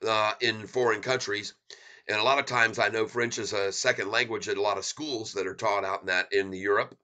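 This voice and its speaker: An excitable man hosts a stock market livestream. His voice is bright and forceful, and he rambles in a loose, casual way while chuckling and talking straight to his viewers. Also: fairly low pitch, brisk.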